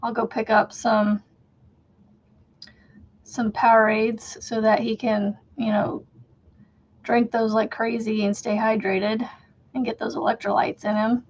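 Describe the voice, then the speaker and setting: A woman's voice: a little high, little pitch movement, measured pace, pauses often, dull audio. A woman in her thirties hosting a casual crochet livestream from home, chatting in a rambling way and laughing often as she works. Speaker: crochet channel host.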